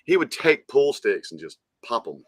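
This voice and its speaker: A man co-hosting a podcast, telling a profane story in an animated, casual way. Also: mid-range voice, normal speed, no echo. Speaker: podcast co-host.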